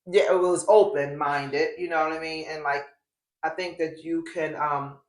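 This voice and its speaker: A woman's voice: low voice, fairly even intonation, normal speed, crowd noise. A woman hosting a recap show in casual chat, blunt and rambling, with many fillers and frequent swearing. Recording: echoey room.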